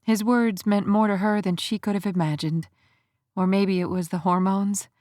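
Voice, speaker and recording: A woman narrating a romance audiobook in an even, measured storytelling manner. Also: medium pitch, no echo, clean studio sound.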